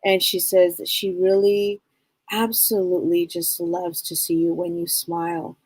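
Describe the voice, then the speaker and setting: A woman co-hosting a live show as a psychic medium, gently relaying messages and often searching for her words. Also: lowish voice, little pitch movement, a little slow, dry recording, rough recording.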